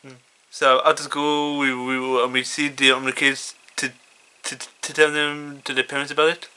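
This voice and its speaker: A man casually reading his own fan story, halting and stuttering with many fillers. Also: mid-range voice, flat delivery, pushed and bright, clean tone. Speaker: fan fiction reader.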